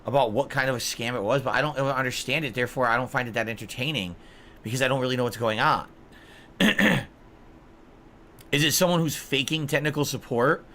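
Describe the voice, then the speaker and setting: A man hosts his live stream and rambles through his reactions to videos. His bright voice has a faint hiss of noise behind it. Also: medium pitch, brisk. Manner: rambling, puzzled commentary. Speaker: streamer host.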